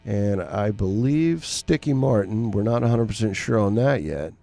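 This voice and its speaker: A man's voice: fairly low pitch, animated, normal speed, vocal fry, dark tone, a little hiss or hum. A man hosting a casual radio chat show, talking in a laid-back, easygoing way.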